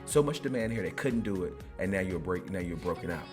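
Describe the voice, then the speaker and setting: A man giving casual crypto chart commentary, chatty and loose, tagging nearly every line with a quick "right?". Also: low-pitched, expressive, music in the background. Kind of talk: casual screen-share market commentary.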